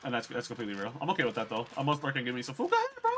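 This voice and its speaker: Bright-voiced young man streaming a game. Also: medium pitch, racing, slight background noise. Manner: blunt, profane, chatting with viewers. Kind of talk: casual gameplay commentary.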